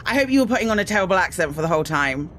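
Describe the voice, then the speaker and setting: With soft music in the background, this British streamer talks rapid-fire in a fairly low, expressive, slightly bright voice. Playing a space game, she greets viewers in bursts and chats casually, often saying um and poking fun at herself.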